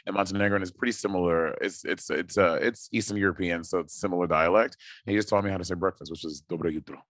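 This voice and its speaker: A man's voice: deep voice, fast, a bit bright, no room sound, clean studio sound. A man co-hosting a podcast, telling bawdy stories in brash casual chat with plenty of fillers and restarts. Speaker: podcast co-host.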